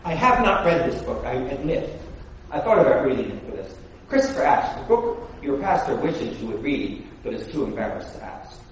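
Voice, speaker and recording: A man's voice: medium pitch, sing-song, moderate pace, slight background noise. A man preaching a sermon in a church in a conversational way, with many restarts and rhetorical questions to the congregation. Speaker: pastor. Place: church sanctuary. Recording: very echoey room from far off.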